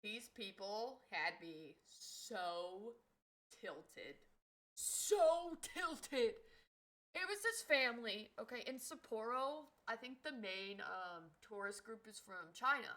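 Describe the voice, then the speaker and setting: A woman streamer telling a story in casual livestream chat, animated and swearing freely. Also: medium pitch, a little slow, few pauses, low-quality recording.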